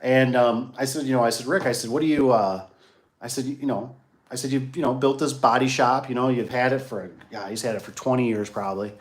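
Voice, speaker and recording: A man's voice: mid-range voice, fairly even intonation, a little fast. A man who runs a garage door business, talking to his viewers in a rambling, folksy way and repeating himself as he tells stories. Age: adult, grew up locally. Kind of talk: casual rambling monologue to viewers.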